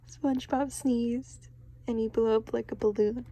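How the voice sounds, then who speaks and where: A woman's voice: fairly high pitch, fairly even intonation, normal speed, dark tone, dry recording, poor audio. A woman reading a children's storybook aloud, giggling and stopping to react in surprise. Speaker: storybook reader.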